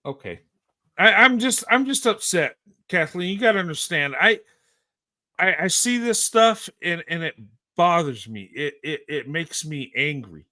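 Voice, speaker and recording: Male host, high voice, heated and blunt, lots of stammered restarts. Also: big pitch swings, unhurried, sharp tone. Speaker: show host. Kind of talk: impassioned live-show commentary.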